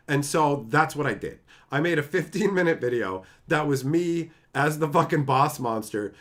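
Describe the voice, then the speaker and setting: Lively, profane man streaming. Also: a little high, moderate pace, few pauses. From Canada. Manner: profane, animated storytelling, laughs often. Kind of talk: casual live-stream chat.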